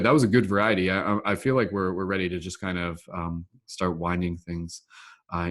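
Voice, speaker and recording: A man hosting an online laughter meditation session on a video call, upbeat and rambling, with lots of "like" fillers. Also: sits low. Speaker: host, laughter meditation facilitator. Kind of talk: casual online group session.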